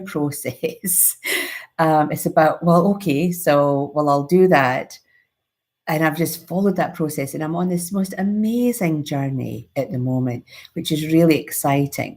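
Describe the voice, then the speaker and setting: A woman's voice: sits low, darkish tone. A Scottish woman who teaches mindfulness, giving a reflective spiritual talk in an earnest, musing way with frequent restarts.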